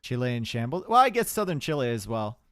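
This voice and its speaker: A man's voice: mid-range voice, big pitch swings, quick pace, a bit bright, clean tone, no room sound, studio quality. A young man casting a live strategy game match, chatty and rambling, with asides to his chat. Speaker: esports caster.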